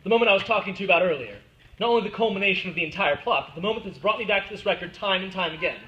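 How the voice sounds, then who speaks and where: An actor playing a middle-aged fan of a musical, confiding and rambling with wry asides, recorded on stage. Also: male voice, high-pitched, racing, muffled recording, lightly acted. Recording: echoey stage from far off with music.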